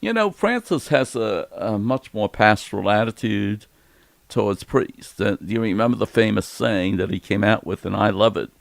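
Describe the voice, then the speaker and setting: A man in his seventies, a priest, explaining church matters in a gentle, easygoing chat and laughing easily. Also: on the low side, animated, moderate pace, vocal fry, no echo. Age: 70s. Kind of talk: casual Q&A chat.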